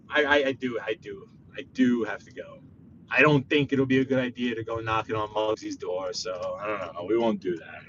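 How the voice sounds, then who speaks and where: A man's voice: mid-range voice, very animated, normal speed, pauses often, pushed and bright, muffled recording, slight background noise. A man hosting a casual livestream from inside his car, getting over the flu, switching between mock-indignant outbursts and rambling thanks to his viewers. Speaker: livestream host. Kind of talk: casual live-stream chat while driving.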